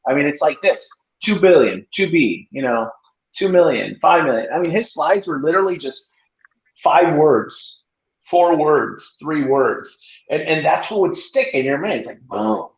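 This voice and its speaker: A man's voice: fairly high pitch, animated, unhurried. A man co-hosting a casual livestream, talking in a playful, jokey, riffing way. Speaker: livestream co-host. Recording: dull lo-fi stream audio.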